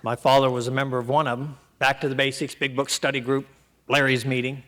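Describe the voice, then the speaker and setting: Middle-aged guy from ohio telling his story at a meeting, animated, does all the voices, mid-pitched. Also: fairly quick. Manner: animated, acts out dialogue in voices. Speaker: recovery meeting speaker. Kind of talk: storytelling talk to an audience.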